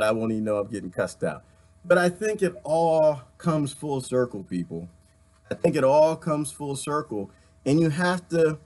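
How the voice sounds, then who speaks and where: A man from the United States hosting a live stream, fired up and preachy as he talks straight to his viewers and reads their comments. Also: fairly high pitch.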